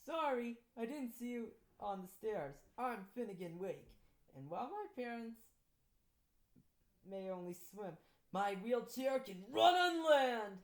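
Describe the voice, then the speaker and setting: A woman voicing a brash, energetic teenage merman boy with a boastful manner. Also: mid-range voice, unhurried, reverberant, pitched above the performer's own voice. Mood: upbeat.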